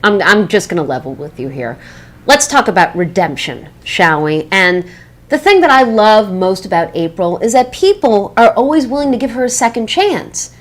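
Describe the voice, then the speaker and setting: A woman's voice: mid-range voice, very animated, normal speed. An actress playing a young catty woman who sabotages her former employee with gushing, backhanded praise over the phone. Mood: mock-sweet. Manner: sweetly sarcastic, gushing, backhanded. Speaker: former boss giving a job reference by phone. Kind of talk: scripted comedy monologue.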